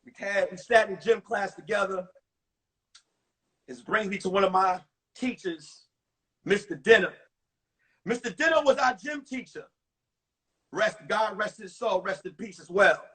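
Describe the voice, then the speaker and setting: A male comedian telling animated stories from high school in a one-man show on a livestream. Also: a little slow, pauses often, husky. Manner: animated, acts out voices. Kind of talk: stand-up storytelling. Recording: distant mic on a phone livestream.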